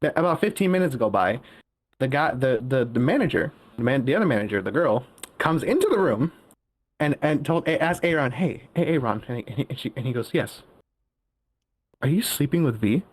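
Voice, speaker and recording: A man's voice: medium pitch, big pitch swings, fast talker. A young man telling a workplace story in casual chat, often laughing and restarting his sentences. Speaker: guest caller.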